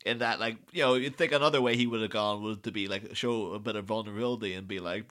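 A man's voice: lowish voice, fairly even intonation, quick pace, few pauses, fairly bright tone. A man co-hosting a podcast, rambling through casual analysis with many fillers, acting out quotes and laughing often. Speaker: podcast co-host.

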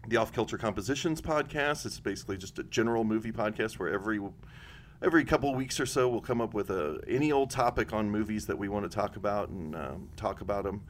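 Low-voiced man plugging his podcasts. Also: fast talker, slight background noise. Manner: laughs often, acts out quotes in a playful voice. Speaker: podcast guest co-host. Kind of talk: casual podcast chat.

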